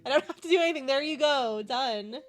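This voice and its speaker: A woman's voice: sits high, a little fast. A woman live streamer chatting casually with her viewers, playful and a bit loopy, laughing constantly as she talks.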